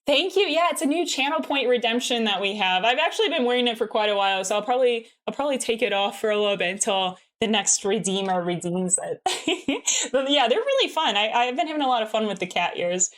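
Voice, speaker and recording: A woman's voice: a little high, lively intonation, fairly quick, a bit bright. A young American woman streaming a game and chatting casually with her viewers, giggling often and filling her talk with "like.". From United States. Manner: giggly, bubbly, peppers speech with "like".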